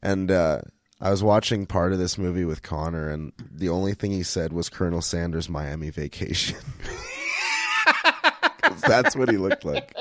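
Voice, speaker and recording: A man hosting a podcast in casual chat, relaxed, chuckling and trailing off. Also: low voice, moderate pace, pauses often, dry recording, clean studio sound. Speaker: podcast host.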